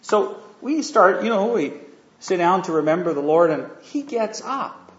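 A man preaches a sermon in a casual, conversational way, telling a story, often asking listeners questions and using many fillers. His voice sits high, sing-song and unhurried. The recording has an echoey room and a dull lo-fi sound.

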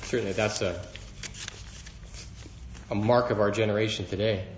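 A man's voice: on the low side, steady tone, moderate pace, dull audio, noisy background. Earnest male preacher in a roomy hall. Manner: earnest, rising in emphasis when quoting scripture. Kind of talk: sermon.

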